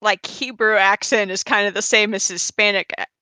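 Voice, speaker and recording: A woman's voice: mid-range voice, steady tone, a little fast, sharp tone, clear, resonant tone, no echo. A woman co-hosting a casual cartoon recap, giggling often and quoting characters in silly voices. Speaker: podcast co-host.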